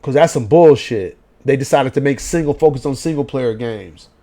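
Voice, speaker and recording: A man's voice: mid-range voice, moderate pace. A man, giving a profane late-night rant as a gaming vlogger. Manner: profane, animated ranting in slang.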